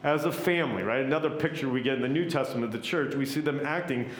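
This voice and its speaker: A middle-aged male pastor preaching a sermon in a relaxed, conversational way, often checking in with "right?". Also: mid-range voice, quick pace, echoey room, a little hiss or hum, rough recording. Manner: conversational, keeps asking "right?". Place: church.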